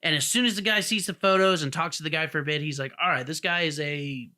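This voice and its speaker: A man's voice: fairly high pitch, fast talker, pushed and bright. A man co-hosting a podcast, telling a story in casual chat and acting out the people in it. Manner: rambling storyteller who acts out the people in his story. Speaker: podcast co-host.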